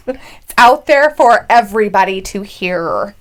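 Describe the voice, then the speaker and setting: A woman's voice: mid-range voice, animated, slow pace. A woman co-hosting a casual wrestling watch-along stream, laughing often and reading viewer comments aloud. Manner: giggly, reads out chat comments. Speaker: stream co-host.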